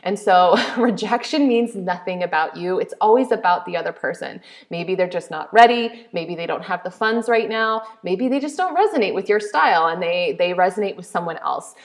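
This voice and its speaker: A woman in her thirties coaching a workshop on business. She talks in an excitable way, speaking straight to her viewers and building energy as she goes. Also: fairly low pitch, moderate pace, few pauses. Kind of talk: online workshop teaching.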